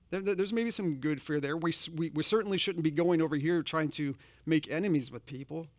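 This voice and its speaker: Guy giving a sermon, kinda high voice, chatty, asks the church questions, dry sound. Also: dry recording. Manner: earnest, conversational preaching with direct questions to the congregation. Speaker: pastor.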